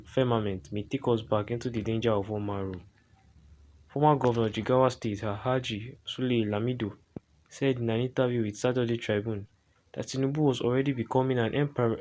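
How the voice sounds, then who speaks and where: A man from Nigeria reading a news report aloud, loud and often stumbling and restarting words. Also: mid-range voice, slight background noise. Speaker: news reader.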